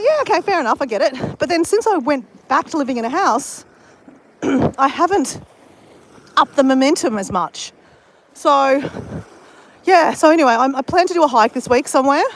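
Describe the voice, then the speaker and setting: A woman's voice: sits high, slight background noise, poor audio. Rambling Australian woman vlogger. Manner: rambling, many fillers and restarts; exercising while talking. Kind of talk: casual chat to live viewers.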